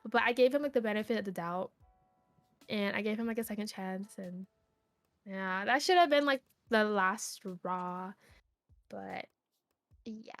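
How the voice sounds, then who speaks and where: A woman's voice: medium pitch, unhurried, pauses often, no room sound, faint music behind. A young woman, a streamer guest on a podcast, rambling through a personal story and filling it with "like". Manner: rambling, heavy use of "like", animated retelling. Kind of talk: casual storytelling chat.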